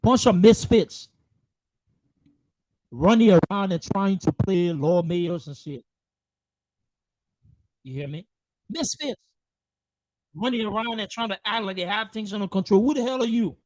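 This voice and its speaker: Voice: medium pitch, moderate pace, pauses often, darkish tone, no echo, low-quality recording. A political livestream host delivering an angry monologue, emphatic and profane, hammering the same rhetorical questions again and again. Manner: fierce, emphatic, repeats rhetorical questions, swears. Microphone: livestream microphone.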